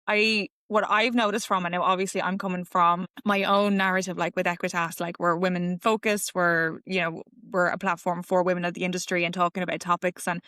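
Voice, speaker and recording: A woman's voice: lowish voice, fairly bright tone, no echo, clean studio sound. A woman hosting a podcast, chatty and encouraging, asking long rambling questions with lots of fillers. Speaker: podcast host. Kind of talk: casual interview chat.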